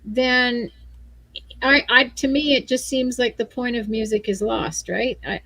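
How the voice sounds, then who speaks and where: A woman's voice: on the high side, fairly even intonation, unhurried, a bit bright, dry recording, low-quality recording. A woman from Canada, a guest musician talking in a casual chat, restarting her sentences often and laughing easily. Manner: chatty, self-correcting, laughs easily. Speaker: featured artist guest. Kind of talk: casual video call chat.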